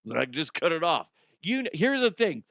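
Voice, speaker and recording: Lively, crude-joking comedy host man. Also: fairly high pitch, moderate pace, creaky, dry recording, studio quality. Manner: animated and crude, laughing at his own jokes, slipping into silly voices. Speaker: comedy news podcast host. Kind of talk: casual comedic monologue.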